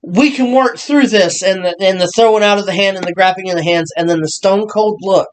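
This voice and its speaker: A man co-hosting a casual wrestling review, excitable and full of halting restarts. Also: sits high, a little hiss or hum. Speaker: podcast co-host.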